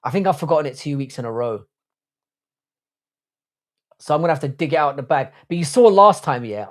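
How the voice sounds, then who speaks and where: A man hosting a casual livestream chat, rambling and swearing, often restarting his sentences. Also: medium pitch. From Ireland. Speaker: podcast host.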